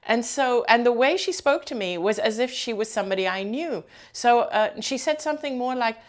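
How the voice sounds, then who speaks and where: A woman's voice: a little high, expressive, moderate pace, hardly any pauses. A woman hosting her own channel, chatting casually to viewers with rambling asides and frequent laughs. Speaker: host.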